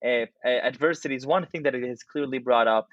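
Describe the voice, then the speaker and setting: A man's voice: mid-range voice, fairly bright tone. A man hosting an interview, feeling his way through his questions with repeated words and restarts. His audio is dull and slightly muffled, and the sound is dry, with no room echo. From outside the United States. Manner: halting, restarts phrases while framing questions. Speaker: podcast host.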